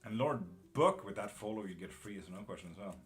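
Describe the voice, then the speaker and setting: A man's voice: fairly low pitch, expressive, quick pace, faint music behind. A man reading tarot live, chatting casually and bluntly with viewers, calling them by name and swearing now and then. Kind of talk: casual live-stream chat.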